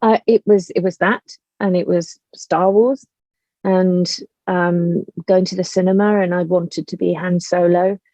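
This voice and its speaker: A woman's voice: on the low side, fairly even intonation, measured pace, warm tone, no echo, dull audio. A woman from Liverpool with a toned-down Liverpool accent, chatting animatedly as an interview guest and breaking into laughter and asides. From Liverpool, England. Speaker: guest, writer and actor. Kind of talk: casual interview chat.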